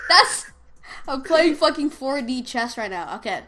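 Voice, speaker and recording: A woman's voice: sits high, animated, moderate pace, pushed and bright. A young woman co-hosting a casual chat, reading an article aloud with brash, mocking commentary and frequent swearing. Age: teenager. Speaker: co-host.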